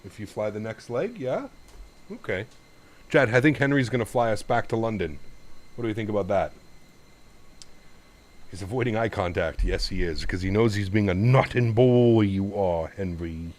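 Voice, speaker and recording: Low-ish voiced guy streaming flight sim from home, chatty, talks through every step. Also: lively intonation, moderate pace, long pauses, darkish tone. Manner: chatty, thinks aloud while setting up the flight. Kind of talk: casual live-stream chat.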